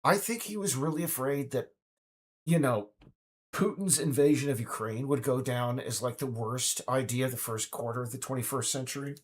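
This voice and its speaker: A man's voice: mid-range voice, normal speed. A man giving a ranting political monologue, stammering and restarting, now and then mocking others in put-on voices.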